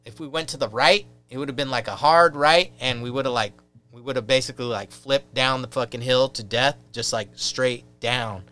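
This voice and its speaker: A man with a bright, clear voice tells a story in loose, profane, casual chat. His speech rambles and is animated. It is full of fillers and swearing. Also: medium pitch, moderate pace. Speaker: podcast guest.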